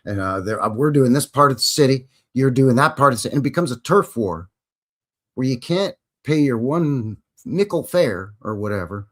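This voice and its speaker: A man's voice: medium pitch, lively intonation, moderate pace, a bit bright. A man hosting a live history stream, chatting casually with jokes and rambling asides. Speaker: host.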